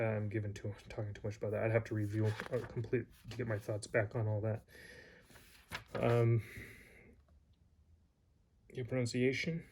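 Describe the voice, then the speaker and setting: A man's voice: fairly low pitch, darkish tone, a little hiss or hum. A man teaching a casual lesson, rambling and hesitant with many fillers and restarts. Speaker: Greek teacher.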